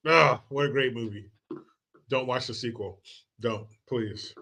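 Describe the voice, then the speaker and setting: A man hosts a live political commentary stream in a loose, casual, profane style, joking and being sarcastic with the chat, reading it aloud, and dropping into movie quotes. His mid-range voice is creaky, pushed, bright, and husky, and he speaks at a measured pace.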